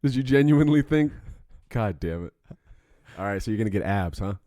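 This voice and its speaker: A man's voice: fairly low pitch, brisk, no room sound. A man co-hosting a podcast, chatting casually and playfully, fussing over his jokes. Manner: animated, playful, overthinks jokes. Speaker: podcast co-host. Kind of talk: casual comedic chat.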